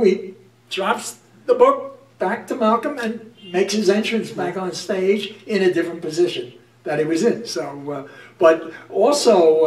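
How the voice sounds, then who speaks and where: A man's voice: sits high, a little mellow, reverberant, recorded from a distance. A man hosting an interview, recounting stories with frequent hesitations. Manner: hesitant, many "uh" fillers. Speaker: host. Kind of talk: casual interview chat.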